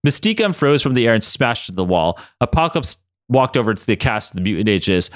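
A man hosting a podcast, narrating a comedic homemade story in a playful, animated way. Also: medium pitch, fast talker, no echo, clean studio sound. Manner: playful, animated, laughing often. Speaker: podcast host.

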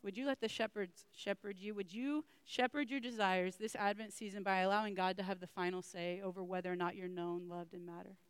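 A woman's voice: medium pitch, steady tone, fairly quick, hardly any pauses, clean tone, no echo. Earnest woman preaching a sermon. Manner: earnest, addresses listeners directly with repeated questions.

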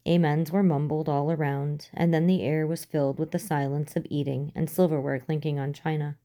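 A woman reads a story aloud like an audiobook, with a steady, even delivery. Her voice is low and dark, with a mellow, relaxed warmth. She keeps a calm storytelling pace through the narration. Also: brisk. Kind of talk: audiobook reading of fan fiction.

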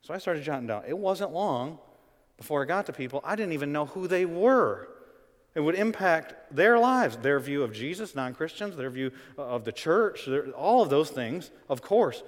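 A male pastor preaching a sermon, swinging between quiet, conversational stretches and loud, emphatic ones. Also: fairly high pitch, animated, moderate pace. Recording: reverberant hall.

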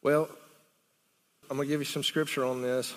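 A man's voice: medium pitch, flat delivery, normal speed, in a large hall. A man preaching a sermon in a rambling, conversational way, full of rhetorical questions.

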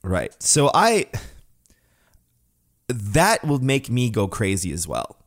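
A man's voice: mid-range voice, huge pitch swings, slow. Laid-back, wry male podcast co-host. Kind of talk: casual chat.

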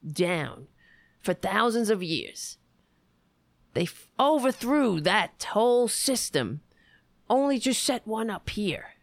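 A woman's voice: mid-range voice, dry recording. A woman comedian giving sarcastic, mocking commentary.

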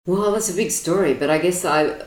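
A woman's voice: fairly low pitch, fairly quick. Woman, chatty storyteller, rambling with ums, echoey room. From Australia. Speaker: astrologer guest. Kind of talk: casual storytelling interview. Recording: roomy echo.

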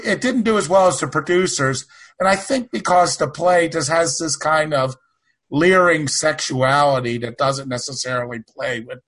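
A man's voice: mid-range voice, a bit bright. Rambling anecdotal man in chat. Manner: rambling, self-correcting, anecdotal. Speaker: panel guest. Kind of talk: casual podcast chat about films.

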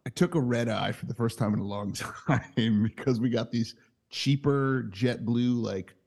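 A man in his thirties telling a story in casual chat, swearing freely, laughing, acting out quotes with big jumps in pitch. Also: a little slow, gravelly, darkish tone. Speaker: podcast co-host.

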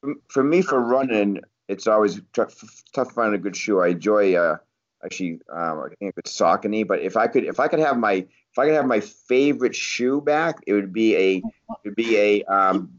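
Casting: lower-voiced man, halting, repeats himself, lo-fi sound. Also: lively intonation. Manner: rambling, halting, repeats words. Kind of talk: casual chat among friends. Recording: dull lo-fi sound.

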